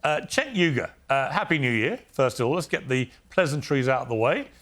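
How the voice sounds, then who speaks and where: Casting note: middle-aged male talk show host, brisk, cuts in to steer the debate, mid-pitched. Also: sing-song, fairly bright tone. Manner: brisk, interrupting. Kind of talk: TV debate hosting.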